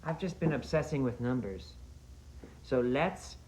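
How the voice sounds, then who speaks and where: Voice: mid-range voice, animated, a little slow, a little hiss or hum, lightly acted. A performer playing a goofy, rambling wasteland busker who talks to the audience between jokey songs on a guitar. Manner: rambling, self-narrating, jokey. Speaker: in-world musical entertainer. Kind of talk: comedic in-character musical interlude. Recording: echoey room, dull lo-fi sound, loud guitar.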